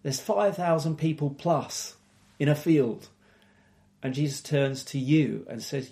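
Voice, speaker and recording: A man's voice: on the high side, lively intonation, measured pace, creaky, mellow. A man giving a sermon, retelling a Bible story and asking reflective, rhetorical questions with frequent hesitations. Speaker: preacher.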